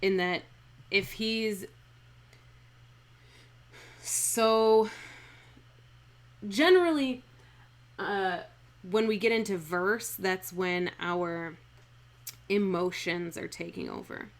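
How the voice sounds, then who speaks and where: A woman giving a casual, irreverent acting lesson, reading verse lines slowly aloud to test their rhythm and breaking them down for a live stream. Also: mid-range voice. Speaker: acting coach streaming a script analysis.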